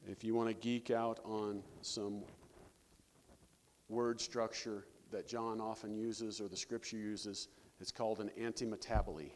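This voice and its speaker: A man preaching a sermon as pastor, animated, breaking scripture readings with joking asides. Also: fairly low pitch, unhurried, a little hiss or hum. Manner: animated, jokey asides, reads scripture with rising emphasis. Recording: long reverb of a hall.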